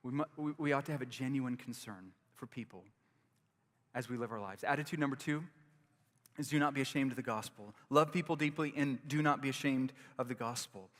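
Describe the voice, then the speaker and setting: A man's voice: mid-range voice, a little fast. Pastor guy preaching, earnest, repeats himself a lot, big echoey hall. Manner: earnest, repeats phrases, frequent restarts. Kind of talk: sermon.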